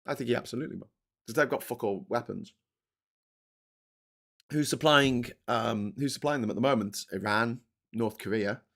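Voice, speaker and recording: A man's voice: mid-range voice, moderate pace, vocal fry, long pauses, a bit bright. A middle-aged man from England hosting a live stream, chatting casually, reading out viewer comments, swearing and restarting his sentences. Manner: rambling, swears, frequent restarts.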